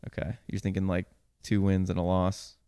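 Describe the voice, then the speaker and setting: A young man with a lowish, smooth, clear voice, chatting loosely on a sports podcast. He rambles through stories with plenty of "like"s. The sound is dry and close. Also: normal speed, no echo. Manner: relaxed, rambling storytelling with many fillers. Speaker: podcast co-host. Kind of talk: casual sports podcast chat.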